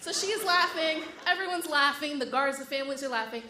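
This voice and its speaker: A woman's voice: high voice, lively intonation, fairly quick, pushed and bright, echoey room, slight background noise. A woman telling a true story on stage with a wry, comic delivery. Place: stage before a live audience.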